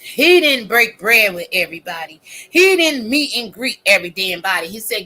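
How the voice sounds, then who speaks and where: A woman's voice: a little high, very animated, measured pace, pushed and bright, low-quality recording. Fiery, profane woman vlogger. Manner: quotes scripture. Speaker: YouTube content creator. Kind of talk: casual commentary vlog rant.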